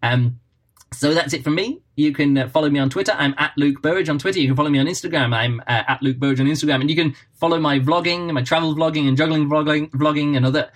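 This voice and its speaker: A man's voice: on the high side, fast. A man hosting his own podcast in a casual, rambling, chatty way, correcting himself as he goes and speaking into a built-in laptop microphone. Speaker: podcast host. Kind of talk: casual solo podcast talk.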